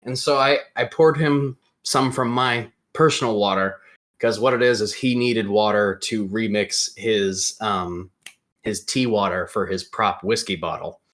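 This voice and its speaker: A young man, hosting a podcast and telling a lively story in casual chat. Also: lowish voice, measured pace. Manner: animated storyteller, acts out quoted voices loudly. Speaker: podcast host.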